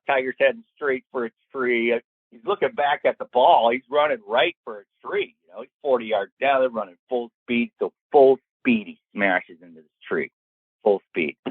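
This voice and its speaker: A man's voice: mid-range voice, dry recording. An older man, a golf professional, telling a story as an interview guest, acting out the lines of the people in it. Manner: lively, acts out quoted lines in the story. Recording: tinny dry phone-like line.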